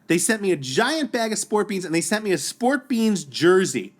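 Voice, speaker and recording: A man talking as a podcast guest, telling stories in a casual, animated way with many quick restarts. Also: high-pitched. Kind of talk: casual storytelling.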